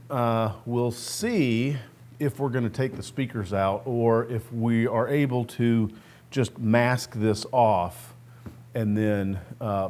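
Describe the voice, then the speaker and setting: A man hosting a restoration channel, talking casually through a hands-on project step by step while he works in a workshop. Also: lowish voice. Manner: relaxed, plainspoken explaining while working. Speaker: host of a guitar restoration channel. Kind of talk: casual step-by-step how-to talk.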